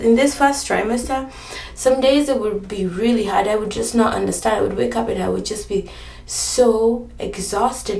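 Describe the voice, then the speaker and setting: A woman's voice: medium pitch, gravelly, a little mellow. A pregnant woman chatting on her home vlog, tired and earnest, rambling through her thoughts. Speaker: vlogger sharing her pregnancy journey. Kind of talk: casual vlog chat. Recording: roomy echo, a bit off-mic.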